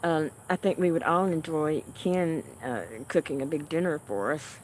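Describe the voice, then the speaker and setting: A woman's voice: deep voice, a little hiss or hum. A woman hosting a livestream, chatting casually with her viewers and answering their comments in a homey way. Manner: unhurried and homey, answering chat comments with frequent soft laughs. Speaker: livestream host.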